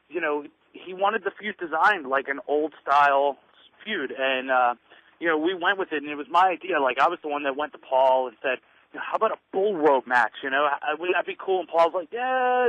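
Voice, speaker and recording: Here the wrestler, a man in his thirties from the US Northeast, has a fairly high-pitched voice and no room sound around him. Chatting casually by phone as a guest, he wanders through his anecdotes, full of fillers and acted-out quotes, over muffled, dry lo-fi radio audio.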